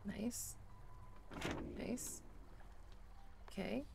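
A woman's voice: medium pitch, drawn-out words, vocal fry, heavy background noise. A young woman streaming a video game, chatty and giggly as she reacts to her chat. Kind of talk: live gameplay commentary.

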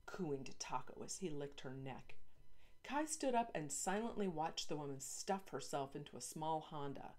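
A woman author reading her children's novel aloud in an expressive, playful narrating voice. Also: sits low, a little slow. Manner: lively, playful asides.

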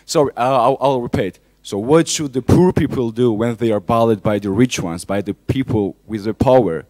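A man asking a question from the audience at a lecture, hesitant and halting with many fillers. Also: medium pitch, a little mellow, no echo. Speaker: audience member.

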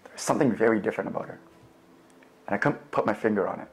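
A young man telling his faith testimony in a relaxed, conversational way, with fillers and replayed conversations. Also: on the low side, very fast, slight background noise. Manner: animated, acts out both sides of remembered conversations. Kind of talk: personal storytelling.

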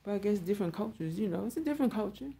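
A woman's voice: mid-range voice, lively intonation, very fast, mellow, slightly rough. A woman hosting her own online show, giving a blunt, profane opinion monologue and repeating her points.

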